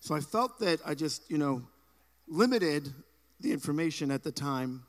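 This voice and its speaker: A man's voice: a little high, animated, normal speed. A man, an associate pastor, giving short, wry replies onstage in a church. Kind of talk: onstage banter. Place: church sanctuary. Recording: live church hall reverb.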